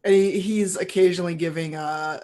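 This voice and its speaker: A woman narrating a tabletop game as game master, relaxed and chatty, quick to laugh. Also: fairly low pitch.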